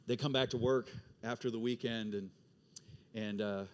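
A male pastor preaching an animated sermon, acting out the voices of the people in his stories. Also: medium pitch, normal speed, slight background noise.

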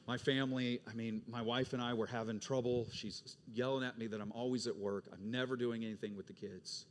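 A man voicing a regretful grown son who confesses his mistakes in a low, subdued tone. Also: steady tone, brisk, slight background noise, lightly acted.

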